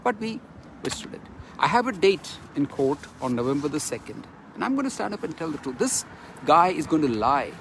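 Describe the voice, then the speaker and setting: A man's voice: a little high, big pitch swings, a little fast, fairly bright tone, slight background noise. A middle-aged man from Kerala with an Indian English accent, giving an impassioned, emphatic testimony straight to camera and repeating phrases for force. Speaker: speaker giving a personal testimony.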